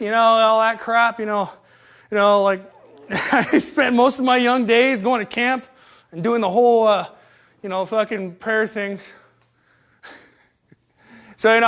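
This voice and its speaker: A man's voice: sits high, a bit bright. A young man telling profane, rambling, self-mocking stories in casual talk. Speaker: storyteller. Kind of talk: casual storytelling. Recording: live stream.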